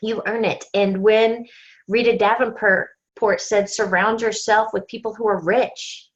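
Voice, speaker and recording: A woman speaks earnestly on a team conference call, her voice at a middling pitch. She tells stories with strong faith, often quoting others. The audio is dull and lo-fi. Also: steady tone, a little slow. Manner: earnest, faith-driven, storytelling with quoted asides. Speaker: team leader.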